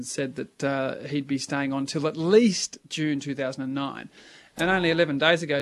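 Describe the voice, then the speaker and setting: A man's voice: a little high, fairly bright tone. A man giving finance commentary in casual radio chat, chatty and rambling with fillers.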